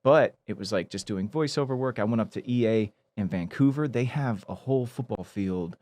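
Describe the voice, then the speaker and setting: A man, a guest actor, chatting casually on a podcast and telling lively stories about his work. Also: on the low side, fairly quick. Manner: animated storyteller, slips into character voices.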